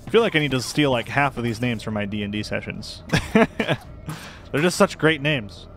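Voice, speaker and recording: A man's voice: mid-range voice, expressive, normal speed, a bit bright, slight background noise. A young man giving casual, self-deprecating commentary while playing a game, rambling in chatty asides. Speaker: gameplay commentator.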